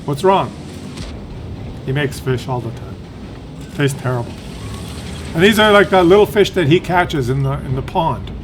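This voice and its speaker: While playing a tank game, a gaming channel host from Ontario, Canada rambles through stories in a fairly high, expressive voice at normal speed. He drifts off mid-sentence, leaves long pauses, and circles back, his unscripted talk set against a faint background hiss.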